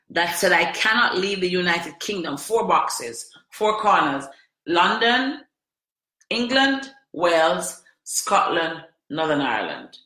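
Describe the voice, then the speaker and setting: A woman's voice: lowish voice, sharp tone, echoey room. A woman hosting a podcast, telling a personal story in an emotional, emphatic way, with lots of repetition. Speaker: podcast host.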